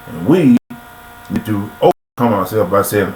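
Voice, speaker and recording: A man's voice: lowish voice, animated, moderate pace, a little mellow. A grown man giving a casual motivational monologue into a webcam, repetitive and preachy, full of rhetorical questions. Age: adult. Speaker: motivational speaker. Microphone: computer webcam mic. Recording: echoey room with faint mains hum.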